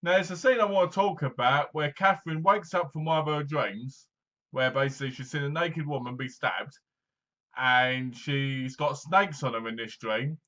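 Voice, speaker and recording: A man talks through a film review in a loose, rambling way, with plenty of fillers. His voice sits a little high and sounds sharp and bright. The recording is dull and lo-fi. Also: moderate pace. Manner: rambling, chatty, full of fillers. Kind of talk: casual movie review.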